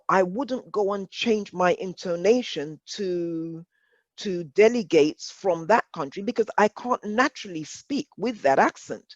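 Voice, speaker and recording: A woman with an English accent presenting an online workshop, measured and deliberate, repeating phrases for emphasis. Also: on the low side, a little mellow, dry recording, dull audio.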